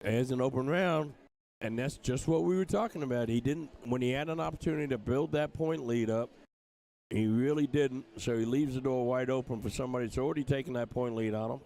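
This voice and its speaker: Older man from england, gravelly dark voice, chatty joking darts commentary. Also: medium pitch, a little fast, a little hiss or hum. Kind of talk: live sports commentary. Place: streaming booth at a dart tournament.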